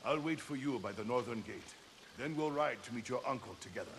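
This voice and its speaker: A man's voice: medium pitch, animated, brisk, noisy background, close to an everyday voice. An actor voicing a formal, dutiful samurai bannerman in video game dialogue. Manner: formal, courtly.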